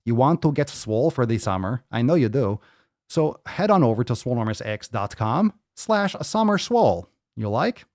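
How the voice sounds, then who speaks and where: A man voicing a hammy pitchman in a jumbled put-on accent that tacks "eh" onto his lines. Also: big pitch swings, normal speed, darkish tone, no room sound, clean studio sound. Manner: sing-song sales pitch, tags questions with "eh". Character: goofy mixed-accent male pitchman, hammy.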